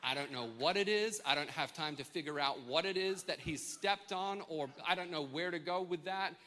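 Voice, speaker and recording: Bright-voiced pastor telling a story. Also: male voice, a little high, moderate pace. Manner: animated, self-mocking storyteller. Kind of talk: sermon with a personal story. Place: church service with congregation.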